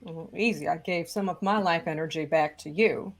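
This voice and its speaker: A woman game master voicing a reckless young male witch, who explains things in a low-key, matter-of-fact way. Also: moderate pace.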